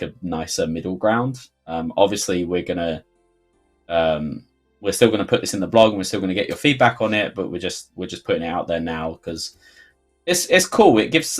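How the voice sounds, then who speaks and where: A man's voice: deep voice, husky. A man with a London accent hosting a livestream Q&A, chatty and rambling, full of fillers and sudden jokey outbursts. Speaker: game developer host. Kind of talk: livestream Q&A chat.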